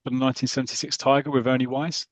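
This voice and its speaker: A man hosting a chatty podcast, full of enthusiasm and quick to laugh. His voice sits in a middle register, recorded close and dry with no room sound. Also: medium pitch, flat delivery, dry recording. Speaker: podcast host. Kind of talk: casual chat, reading comic aloud.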